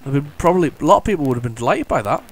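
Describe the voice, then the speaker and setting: Pitched fairly high, his animated voice races along as he casually and enthusiastically commentates on an old computer game, rambling and restarting sentences. The retro gaming host hums the game's tunes, with faint retro music behind him.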